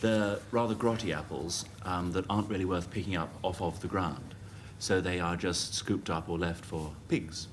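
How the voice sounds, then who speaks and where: A man's voice: low-pitched, steady tone, normal speed, few pauses, slight background noise. A man, a guest on a panel game, giving a casual, offhand definition.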